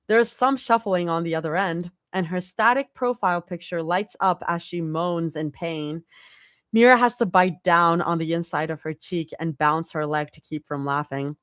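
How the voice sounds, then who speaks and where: A woman's voice: on the low side, moderate pace, a bit bright, no room sound, studio quality. Casual woman reading a story aloud. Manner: casual reading with slips and restarts. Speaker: fanfic reader.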